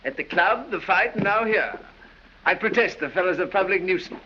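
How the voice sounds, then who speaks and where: An actor playing a silly, foppish English aristocrat dandy who drawls, giggles and dithers, in 1930s film acting. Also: male voice, high voice, expressive, moderate pace. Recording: dull old film soundtrack with hiss.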